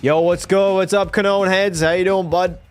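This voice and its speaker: A young man with a fairly high voice streams a hockey video game and talks straight to his chat. He swears freely, gets fired up over every play, and sounds a little tipsy. Faint game music plays underneath. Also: normal speed, smooth. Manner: profane, excitable, talks to chat. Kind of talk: live gameplay commentary.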